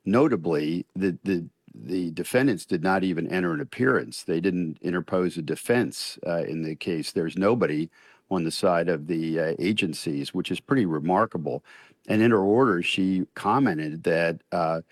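An older man, a retired judge, answering questions in a radio news interview in a measured, deliberate way with frequent pauses. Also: deep voice, no room sound, studio quality.

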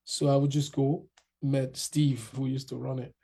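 A man's voice: mid-range voice, flat delivery, normal speed, creaky, warm tone, husky. A young man casually telling his story in an interview, acting out other people's lines in raised voices.

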